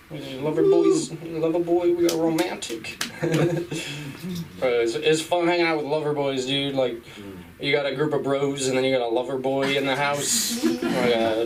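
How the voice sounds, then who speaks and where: A young man doing a stand-up comedy set, rambling and giggling through his bits, with an audience laughing. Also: mid-range voice. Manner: rambling, giggly, trailing off with fillers. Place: comedy club stage. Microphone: stage microphone. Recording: live club recording from a distance.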